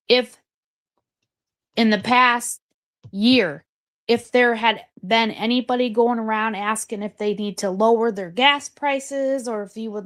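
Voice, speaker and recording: Higher-voiced woman caller, rambling. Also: fairly bright tone. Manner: rambling, repeats herself, apologetic. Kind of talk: casual call-in chat.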